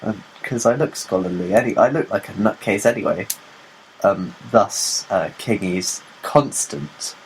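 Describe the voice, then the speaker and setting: A man's voice: lowish voice, measured pace, a little hiss or hum, rough recording. A young man co-hosting a casual podcast, chatty and giggly, swearing now and then and acting out quoted lines. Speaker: podcast co-host. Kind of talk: casual chat.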